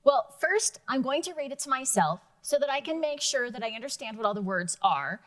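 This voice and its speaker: A woman's voice: high voice, expressive, fairly quick, fairly bright tone. Chatty woman school librarian. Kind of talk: guest in a reading lesson.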